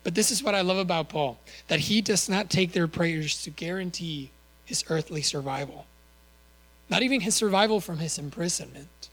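Earnest male preacher, slightly high voice. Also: moderate pace, a bit bright, poor audio. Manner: earnest, with rhetorical questions and small self-corrections. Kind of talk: sermon.

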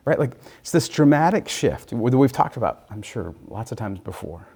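A man preaching in a relaxed, conversational way, thinking aloud and often checking in with his listeners. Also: medium pitch, normal speed, breathy edge. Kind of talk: conversational Bible teaching.

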